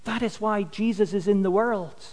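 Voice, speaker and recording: A man's voice: high-pitched, normal speed, in a large hall. A man preaching a sermon, earnest and emphatic, his voice falling away at the end of phrases. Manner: earnest, emphatic, drops loudness at phrase ends.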